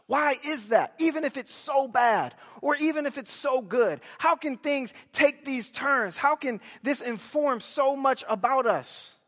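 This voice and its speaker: A young man preaching a sermon, telling family stories with animated delivery and loud bursts of emphasis. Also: very high-pitched, measured pace, hardly any pauses, in a large hall. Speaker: pastor.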